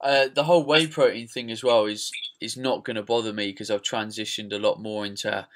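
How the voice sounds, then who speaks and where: A man hosts a casual podcast, relaxed and opinionated, trading banter with his guest. His voice sits low. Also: a little fast. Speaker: podcast host.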